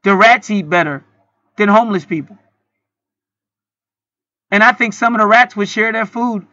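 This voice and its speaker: High, bright-voiced man ranting profanely. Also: normal speed, no echo, lo-fi sound. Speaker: channel host. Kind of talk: heated commentary vlog.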